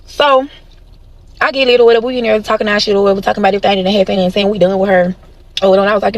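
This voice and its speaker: Racing through her story, a storytime vlogger in her thirties speaks in a mid-range voice with fairly even intonation. She addresses viewers directly in casual storytime chat, blunt, heated, and very profane.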